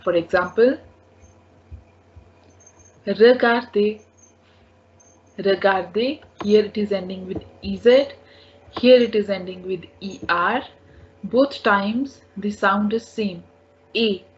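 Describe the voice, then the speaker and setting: Slow, patient woman teaching French. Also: mid-range voice, slight background noise. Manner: patient, repeats each word several times. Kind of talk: slow language lesson. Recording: dull lo-fi recording.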